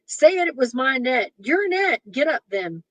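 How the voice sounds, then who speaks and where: A man's voice: extremely high pitch, big pitch swings, normal speed, sharp tone, no room sound, pitched above the performer's own voice, heavily acted, low-quality recording. A woman voicing a hot-tempered young husband who blusters and threatens. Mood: furious.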